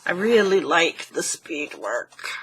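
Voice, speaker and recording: Woman craft host talking slow and easy, pointing out little details as she flips pages. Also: on the low side, big pitch swings, a bit bright, breathy edge. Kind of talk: casual show-and-tell walkthrough.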